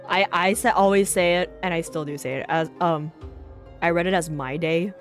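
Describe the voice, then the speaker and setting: A woman's voice: fairly low pitch, fairly even intonation, fairly quick, soft background music. A woman streamer giving casual reaction commentary, chatty and full of filler words.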